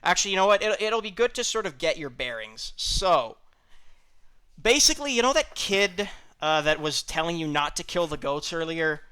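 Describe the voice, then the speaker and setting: A man's voice: fairly high pitch, animated, moderate pace, bright, forceful tone, smooth. A man running a tabletop game as game master, talking hesitantly and apologizing as he fumbles with the tools.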